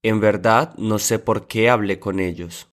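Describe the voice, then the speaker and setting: A man reading example sentences aloud in a language lesson, saying each one twice in a measured way. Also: lowish voice, steady tone.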